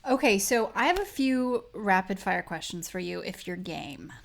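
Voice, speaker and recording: A woman hosts an interview podcast. She answers her guest with brief affirmations and moves on with quick, rapid-fire questions. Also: mid-range voice, expressive, creaky. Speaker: podcast host.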